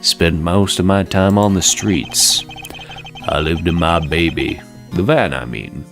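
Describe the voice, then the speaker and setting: A man voicing a gruff, streetwise male fennec fox with a deep voice and a slight Southern twang, curt and dismissive. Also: takes it slowly, over music. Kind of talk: let's play voice acting.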